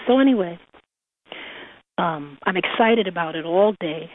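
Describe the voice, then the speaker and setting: A woman's voice: lowish voice, unhurried, slight background noise. Give me a woman telling a story over a phone line. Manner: animated, laughs often while telling. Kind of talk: personal storytelling on a radio show.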